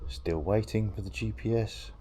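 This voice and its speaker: Male vlogger, lowish voice, on-camera chat over outdoor noise. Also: normal speed, warm tone. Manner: chatty, talks straight to camera. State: out of breath while running. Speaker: tech reviewer. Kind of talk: casual vlog chat. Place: outdoors on a run. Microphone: action camera.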